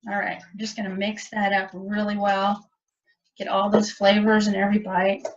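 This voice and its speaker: A woman's voice: medium pitch, monotone, normal speed. A woman teaching a cooking demonstration, chatty and explaining step by step. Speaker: cooking instructor. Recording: dull lo-fi audio from a distance.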